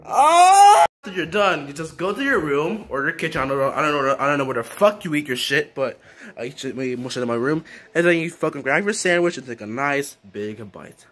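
Man, slightly high voice, rambling commentary, constant swearing, casual. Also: fast talker, bright, forceful tone. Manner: rambling, heavy swearing, trailing restarts. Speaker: YouTube commentator.

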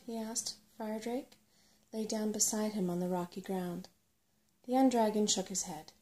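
Soft-spoken woman reading a bedtime story. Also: medium pitch, normal speed. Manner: hushed, slipping into whisper. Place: home sofa.

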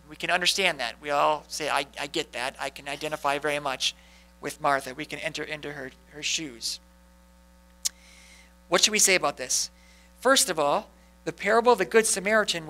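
A man leads a parish Bible study with a bright, fairly high voice. He talks to the group like a friendly teacher, tossing out questions and answering them with a quick "right?". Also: low-quality recording.

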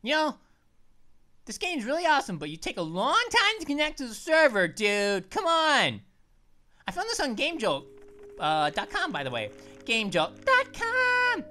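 Excitable woman playing a horror game. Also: sits high, normal speed. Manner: excitable and easily startled, chatty. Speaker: let's play host. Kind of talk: casual gameplay commentary.

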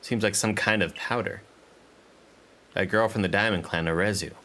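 A man reading a gentle, fussing clan elder's dialogue aloud in a soft, coddling way. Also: fairly low pitch, moderate pace. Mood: musing. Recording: game music playing under voice.

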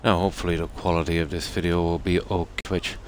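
A man with a very low voice talks through a game build in loose, easygoing commentary. He pauses often and fills the gaps with "um" and "uh". A faint steady hiss sits under his voice. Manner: easygoing, halting with frequent fillers. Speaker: game streamer. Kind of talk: casual commentary on a game tour.

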